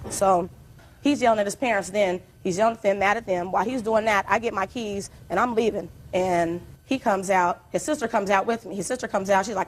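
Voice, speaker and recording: Woman rambling through her courtroom story. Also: mid-range voice. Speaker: plaintiff. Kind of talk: courtroom testimony.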